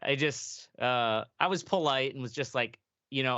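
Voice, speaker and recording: Male podcast co-host, loose casual storytelling, middle pitch, lo-fi dry sound. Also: moderate pace, hardly any pauses, pushed and bright, clean tone, dry recording. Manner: rambling, swears freely, trails off with fillers. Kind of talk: casual chat.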